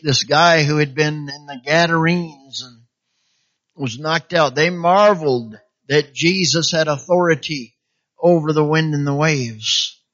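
A fairly high-voiced man preaching a sermon, punctuating his points with amen and hallelujah and slipping into little voices for the people he quotes. The recording is dull and lo-fi. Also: fairly bright tone. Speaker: pastor. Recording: dull lo-fi sound.

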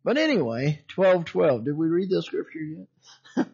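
A man delivers a sermon testimony in a folksy, storytelling way, chuckling often. His voice sits a little high. The recording is dull and muffled. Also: sing-song, a little slow, vocal fry, a little mellow, breathy edge. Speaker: preacher.

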